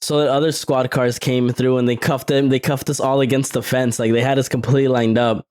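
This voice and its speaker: Laughing often, a young man co-hosting a podcast tells animated stories in relaxed conversation. His pitch is medium and his pace a little quick.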